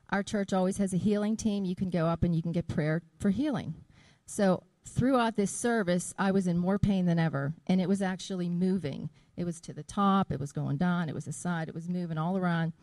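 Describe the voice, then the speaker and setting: Woman, middle-aged, earnest testimony, mellow tone, close dry recording. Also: lowish voice, no room sound. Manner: earnest, slow and deliberate when reading scripture. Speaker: church member giving a testimony. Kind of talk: testimony and scripture reading.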